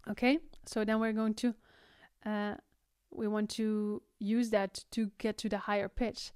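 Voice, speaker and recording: A woman teaching singing, explaining technique and breaking into loud, high vocal exercises between her explanations. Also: steady tone, moderate pace, clear, resonant tone, no room sound, clean studio sound. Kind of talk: vocal tutorial with sung demonstrations.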